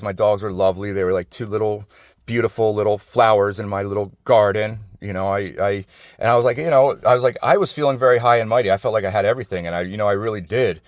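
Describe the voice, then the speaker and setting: A middle-aged man rambles through a personal monologue outdoors, circling back on himself and swearing freely. His voice sits low, and the sound is dry, with little echo around it. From New Jersey. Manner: rambling, digressive and profane, with many restarts. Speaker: vlogger. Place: outdoors outside an office building.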